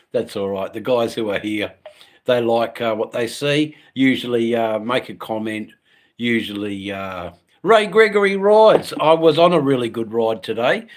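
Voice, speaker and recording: A mid-range-voiced man from Western Australia chats casually from home on a live stream for his motorcycle channel. He rambles with plenty of ums and the occasional swear word.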